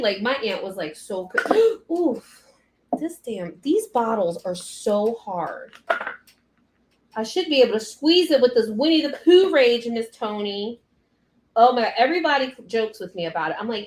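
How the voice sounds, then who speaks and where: Brief: young woman cake artist ranting on a live stream, cursing and animated. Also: fairly high pitch, measured pace, echoey room, a little hiss or hum. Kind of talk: casual live stream chat.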